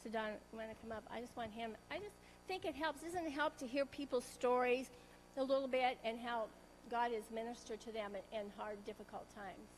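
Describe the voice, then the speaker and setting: A woman tells a personal faith story to a congregation in a slightly high voice. She is earnest and emotional, often stopping and restarting her sentences. A faint hum runs underneath. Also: brisk, low-quality recording. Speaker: speaker sharing a testimony. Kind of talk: personal testimony in a church talk.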